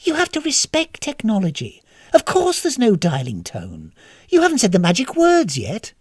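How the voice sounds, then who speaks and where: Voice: medium pitch, huge pitch swings, moderate pace, darkish tone, breathy edge, no echo, studio quality, pitched above the performer's own voice. A storyteller voicing a prim, earnest female turtle princess who coaxes and scolds. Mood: coaxing. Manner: coaxing, scolding, sarcastic.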